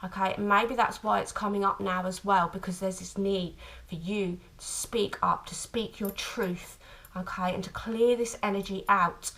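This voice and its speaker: A woman giving an intuitive tarot reading to camera, speaking tenderly and haltingly, with frequent restarts. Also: mid-range voice, steady tone, a bit bright, poor audio. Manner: tender, calls listener "my lovely"; halting, many restarts and fillers. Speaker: tarot reader.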